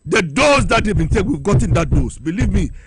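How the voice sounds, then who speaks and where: A man rallying party supporters on air, fiery and repetitive, shouting his calls and running out of breath. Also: sits high, sing-song, brisk, faint music behind. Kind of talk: impassioned election-day call to supporters.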